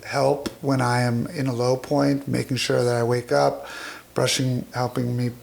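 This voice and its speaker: A man's voice: mid-range voice, little pitch movement, a little slow, creaky, darkish tone. A man hosting a podcast in loose, self-deprecating casual chat. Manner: loose, rambling, self-deprecating, with frequent fillers. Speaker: podcast host.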